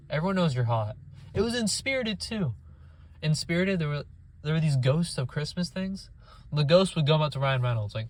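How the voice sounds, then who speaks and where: Profane young man ranting about movies. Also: fairly high pitch. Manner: profane, exasperated, mocking voices. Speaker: movie reviewer.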